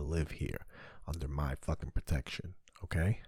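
In a dry recording from his home basement, a podcast host tells a rambling, profane, crude comic story in casual talk. His voice is low and mellow, at normal speed.

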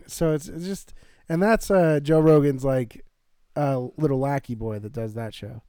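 A man co-hosting a podcast, chatting casually in a laid-back way, laughing often and clearing his throat. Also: mid-range voice, a little slow, mellow, no room sound. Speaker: podcast co-host. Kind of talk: casual chat.

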